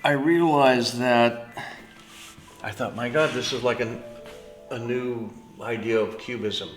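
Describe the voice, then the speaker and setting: A man, a painter, talking about his work in an unhurried storytelling way, with trailing fillers. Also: medium pitch, fairly even intonation. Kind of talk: reflective studio talk. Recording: echoey room with soft music.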